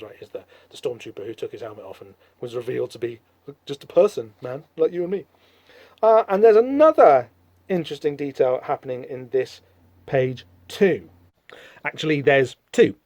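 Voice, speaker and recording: A man's voice: medium pitch, a little mellow, no room sound, lo-fi sound. A man hosting a casual podcast about comics. He talks in a rambling, enthusiastic way with lots of fillers. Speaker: podcast host.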